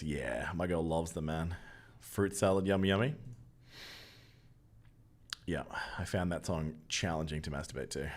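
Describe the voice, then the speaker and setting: A young man with an Australian accent, talking casually on a game stream with a fairly low voice. He banters with chat in a loose, jokey way and answers the comments as he goes.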